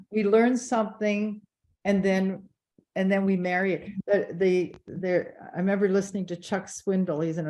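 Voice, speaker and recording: A woman's voice: medium pitch, warm tone. A woman hosting and teaching an online group lesson, repeating herself and often restarting sentences. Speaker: teacher and host.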